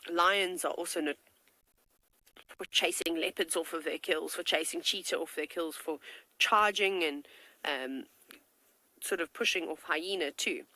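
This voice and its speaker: A woman presenting a live wildlife broadcast, chatting warmly and enthusiastically about lions feeding. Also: fairly low pitch, measured pace, pauses often, dry recording, low-quality recording.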